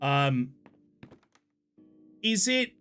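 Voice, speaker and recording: A young Texan man, from the USA, streams a game and chats casually with his viewers, laughing frequently and exclaiming in disbelief as he reads chat. His medium-pitched voice is very animated yet extremely slow, with a bright, forceful, clear and resonant tone. Faint music can be heard behind him.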